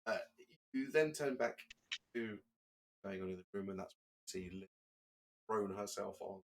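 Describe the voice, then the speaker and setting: A man with a low-pitched voice runs a tabletop game as its game master. He narrates loosely, stopping and restarting as he works out what happens. It is relaxed, unpolished table talk. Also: moderate pace.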